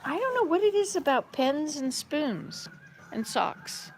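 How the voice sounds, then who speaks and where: Woman, rambling live-stream chat, reads out viewer comments, slightly high voice, faint music in the background. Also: big pitch swings, unhurried. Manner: chatty, rambling, answers comments aloud. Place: home kitchen.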